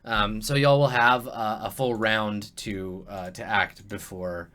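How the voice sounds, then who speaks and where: A man running a tabletop game as game master, with casual, filler-heavy, animated narration. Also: on the low side, slow pace.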